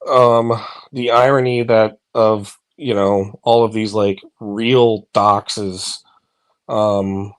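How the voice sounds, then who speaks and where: A man's voice: lowish voice, fairly even intonation, very slow, smooth. A man chatting casually on a phone from bed, rambling with lots of fillers, swearing and laughing. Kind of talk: casual online chat.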